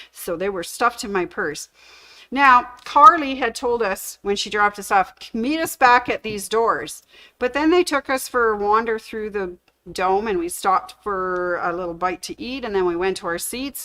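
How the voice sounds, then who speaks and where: A middle-aged woman, chatting on her livestream and telling a long, animated story with quick shifts into other people's voices. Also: medium pitch, rough recording. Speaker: sewing shop livestream host.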